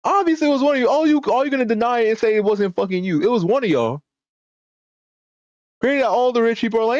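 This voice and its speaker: Brief: high-pitched male streamer, animated, profane slang reactions, dry dull mic. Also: fast, no room sound. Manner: excitable, swears a lot, laughs often, talks in slang. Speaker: streamer reacting to a news video. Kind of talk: casual profane reaction commentary.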